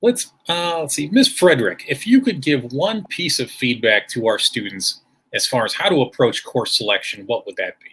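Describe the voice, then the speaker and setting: Guy running a school course stream, bright husky voice, kinda formal and upbeat. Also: medium pitch, expressive, normal speed. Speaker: school administrator hosting a livestream. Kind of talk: presentation with audience questions.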